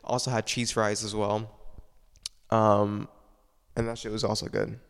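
A man's voice: on the low side, little pitch movement, a little slow, clear, resonant tone. Tired young man rambling in an echoey room. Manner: rambling, heavy use of "like", frequent swearing. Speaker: solo podcaster. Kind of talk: casual personal monologue.

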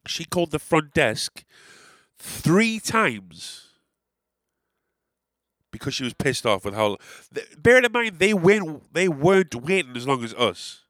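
A young man with an English accent telling a long casual anecdote, rambling and animated, with frequent swearing and sarcastic asides. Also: fairly high pitch, slow pace, no echo, studio quality. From England.

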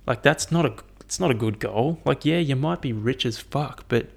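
A man's voice: medium pitch, lively intonation, normal speed, vocal fry. A young man hosting a casual solo podcast, rambling and swearing with lots of fillers. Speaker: podcast host.

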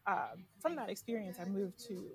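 A woman's voice: medium pitch, moderate pace, a crowd in the background, poor audio. A woman as a podcast guest, telling personal stories in a candid, casual way. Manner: candid, personal storytelling with many "like"s. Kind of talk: casual interview conversation.

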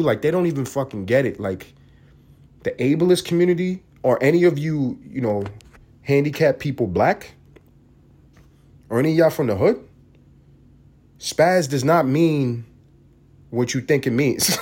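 A man's voice: fairly high pitch, lively intonation, a little slow, pauses often, darkish tone, slightly rough. A man hosting a solo podcast, ranting in a profane, heated and sarcastic way. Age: adult parent. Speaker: podcast host.

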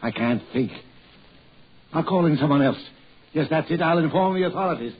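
An actor in 1940s radio drama playing a fussy middle-aged family doctor who soothes and lectures. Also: male voice, a little high, animated, normal speed. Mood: eager. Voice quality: soothing yet fussy, very husky. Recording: muffled old radio recording.

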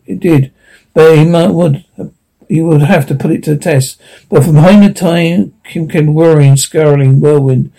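A man narrating a science-fiction audiobook, with a mellow, warm tone and a pitch a bit above the usual for men. His reading is halting, with frequent stumbles and repeats. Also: vocal fry, rough recording.

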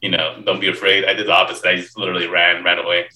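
Deep-voiced man talking fast, roomy. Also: far from the mic. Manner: excitable storytelling, repeats words. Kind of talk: casual interview chat.

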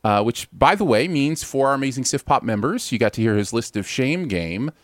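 A man's voice: medium pitch, big pitch swings, fairly quick, no room sound, studio quality. A man hosting a casual pop-culture podcast, chatty and loose, chuckling between lines and using plenty of fillers. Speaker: podcast host.

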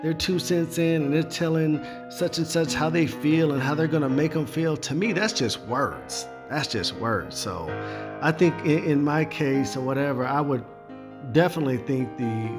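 A man hosting a call-in show, giving his view in a relaxed, halting way as he thinks aloud. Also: mid-range voice, music in the background. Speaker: host.

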